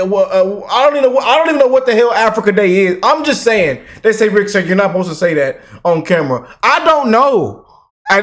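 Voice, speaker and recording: A man with a high, bright voice delivers heated political commentary as a reaction host. He talks in an animated, exaggerated way, swinging from loud outrage to low, muttered mock-pleading.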